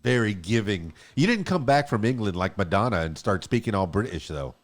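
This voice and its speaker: A man hosts a podcast in a casual chat and drops short, teasing remarks. His voice is low but moves around a lot in pitch. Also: lively intonation, fairly quick.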